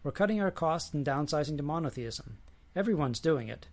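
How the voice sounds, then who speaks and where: A smug, sharp-tongued prophet who snaps out each line in a raised voice. A man voices him while reading aloud. He sounds curt and scornful of the gods. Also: fairly high pitch, expressive, a little fast. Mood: brisk. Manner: snappish, curt.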